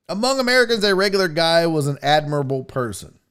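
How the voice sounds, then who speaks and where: A man's voice: fairly high pitch, sing-song, fast, fairly bright tone, clear, resonant tone. A man hosting a live podcast in a casual, rambling way, joking and swearing as he goes. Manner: rambling, jokey and profane. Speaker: podcast host.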